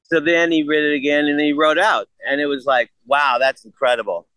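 Bright-voiced older man swearing through a story. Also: fairly high pitch, fairly quick, clean tone, no echo, poor audio. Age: 60s. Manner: animated, profane, acts out quotes. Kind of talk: casual storytelling.

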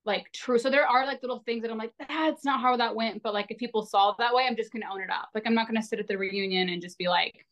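Fast and with few pauses, a woman in her 20s speaks in a fairly high, slightly bright voice. She's a podcast guest chatting casually, rambling with lots of "like" and being self-deprecating.

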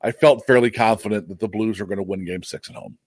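A man's voice: fairly low pitch, fairly even intonation, quick pace, dry recording. A man co-hosting a casual sports podcast, chiming in with short remarks and brief analysis. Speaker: podcast co-host.

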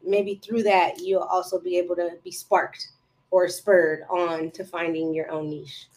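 A woman's voice: lowish voice, little pitch movement, unhurried, a little mellow. A woman guest on a podcast chatting casually and telling stories, acting out her own past dialogue. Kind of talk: casual interview chat.

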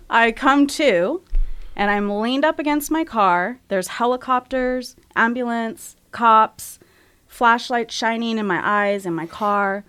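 A woman guest candidly recounting a personal story in a frank, halting, emotional way, close to tears. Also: a little high, a bit bright, clean tone. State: tearful.

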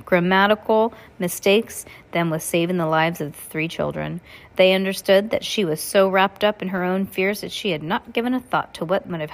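A woman reading a children's novel aloud in a plain, unhurried way, with occasional stumbles. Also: fairly low pitch. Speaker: reader.

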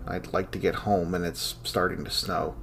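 A lonely, snarky archive scholar, with a very deep voice and a dry, irritable bite. He sounds worn down by long hours alone. Faint ambient noise sits under the voice. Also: flat delivery, moderate pace, creaky, a bit bright. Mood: weary. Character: weary male archive scholar, sarcastic and lonely. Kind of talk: audio drama acting.

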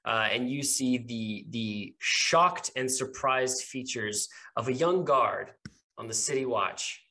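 A man narrating as game master in a tabletop game podcast, relaxed and hesitant, laughing often. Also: mid-range voice, slow pace.

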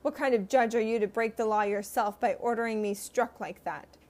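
A woman's voice: a little high, steady tone, normal speed, natural voice. A woman voicing a bold, outspoken male apostle defending himself, earnest and defiant.

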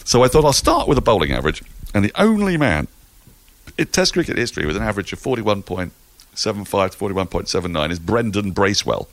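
A man talking as a podcast guest in casual chat, animated, playful and a little rambling. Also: on the low side, fast talker, no room sound.

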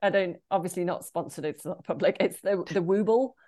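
A woman's voice: fairly low pitch, a little fast, warm tone. A British woman in her forties, a guest chatting casually over a video call in a rambling way. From Great Britain. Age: 40s. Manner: rambling, chatty, wandering sentences.

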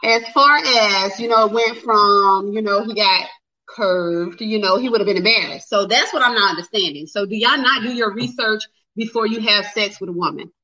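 A woman hosts a casual livestream and chats straight to her viewers, flustered and calling them "y'all." Her medium-pitched voice is bright and forceful at a normal speed, though the audio sounds dull.

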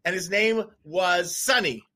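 High bright-voiced man telling a rambling story. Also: unhurried. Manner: rambling, animated, many restarts. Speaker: co-host. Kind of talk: casual storytelling chat. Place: before a live audience.

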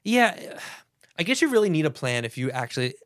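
A man with a fairly high, lively voice co-hosts a casual podcast chat, animated and quick to laugh as he tells stories. His pitch swings widely, and the close mic sounds dry. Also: dry recording. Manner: laughs easily, animated storytelling. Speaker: podcast co-host.

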